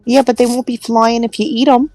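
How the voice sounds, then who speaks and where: A woman's voice: a little high, flat delivery, a little fast, mellow, dry recording. A woman at a tabletop game, teasing her friends and rambling with lots of fillers. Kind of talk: casual game table chat.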